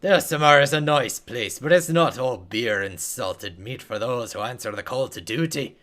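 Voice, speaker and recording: A man's voice: medium pitch, moderate pace, a bit bright, natural voice. A man voicing a hearty male dwarf townsfolk quest giver with a put-on dwarf accent.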